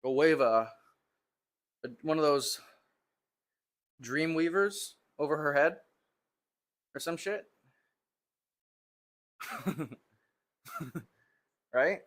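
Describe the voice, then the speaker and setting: A man's voice: fairly high pitch, very slow, long pauses, a bit bright. A man live-streaming his workout from a home gym, teasing a viewer in casual joking banter with laughs and sighs between lifts. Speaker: fitness streamer.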